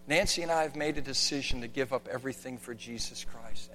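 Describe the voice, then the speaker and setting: A man preaching with slides, swinging from hushed tones to shouting. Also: mid-range voice, steady tone, fairly quick, hardly any pauses, in a large hall. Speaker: pastor. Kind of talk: sermon with slides.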